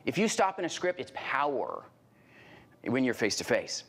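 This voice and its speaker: A middle-aged man giving a live sales training talk, punchy and animated, with repeated phrases, rhetorical questions and sudden loud exclamations as he acts out little scenes. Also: medium pitch, moderate pace, vocal fry.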